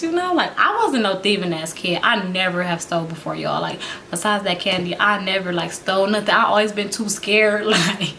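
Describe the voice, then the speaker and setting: A young woman vlogger, telling a casual storytime to viewers, animated and laughing often. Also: lowish voice, a little hiss or hum.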